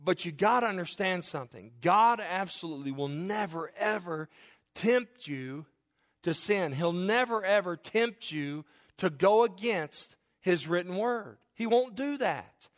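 High-voiced preaching pastor, animated. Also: male voice, unhurried. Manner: animated preaching, acting out voices of listeners and people in stories. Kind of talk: sermon.

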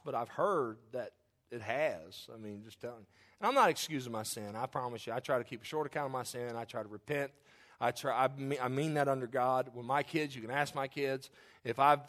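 A middle-aged man, a pastor, preaching a sermon in a conversational, joking way, moving between loud outbursts and quiet confession. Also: mid-range voice.

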